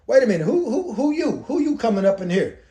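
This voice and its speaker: A man doing an aged father who talks in loose everyday slang, shaken and confused. The voice sits high. The figure is a retelling of an old story put into modern words. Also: big pitch swings, fast talker, warm tone. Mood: shocked. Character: old blind father, shocked and bewildered.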